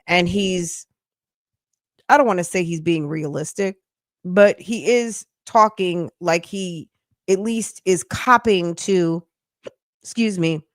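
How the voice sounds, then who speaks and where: A woman's voice: fairly low pitch, no echo, studio quality. A woman hosting a reaction stream, giving blunt, slangy, scolding commentary in a casual way. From United States. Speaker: commentary host.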